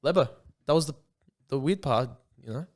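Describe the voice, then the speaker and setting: A man's voice: a little high, animated, moderate pace. A young Australian man co-hosting a podcast, telling a long rambling anecdote in a casual chat and saying "bro" often. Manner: rambling anecdote, peppered with "bro" and acted-out quotes. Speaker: podcast co-host.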